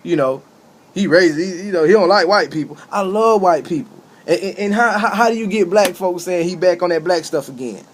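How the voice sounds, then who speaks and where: Man, high voice, impassioned monologue, repetitive, emphatic outbursts. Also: a little fast. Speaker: street preacher giving a talk.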